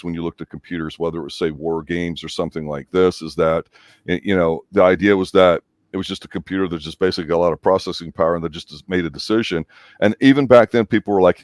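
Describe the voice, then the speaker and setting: A man's voice: deep voice, a little mellow, no echo, clean studio sound. A man co-hosting a casual movie review show, giving his opinions in a lecturing way.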